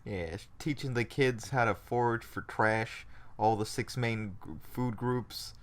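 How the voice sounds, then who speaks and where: A man's voice: medium pitch, steady tone, unhurried. A man co-hosting a casual podcast, animatedly retelling scenes and acting out quotes. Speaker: podcast co-host. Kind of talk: casual chat.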